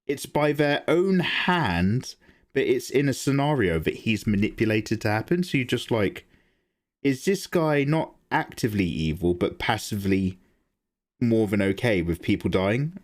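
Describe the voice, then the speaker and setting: A man hosting a live drawing stream, chatting casually and reacting to viewer messages, laughing often. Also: unhurried. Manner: chatty, animated, laughs often, jumps to high pitch when excited. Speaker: art livestream host. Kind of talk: casual chat while drawing, reading chat.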